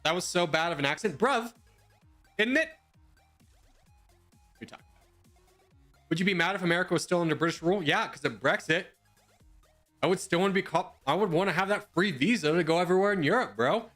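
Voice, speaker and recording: A man's voice: high voice, quick pace, fairly bright tone, soft background music. A young man streaming from home, rambling and joking as he answers viewers' questions in casual chat.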